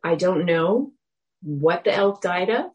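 A woman giving a dharma talk, telling a personal story in a reflective, animated way. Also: on the low side, takes it slowly, dull audio.

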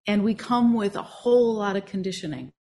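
A woman's voice: medium pitch, a little fast, mellow. A woman meditation teacher leading a group discussion, enthusiastic and affirming.

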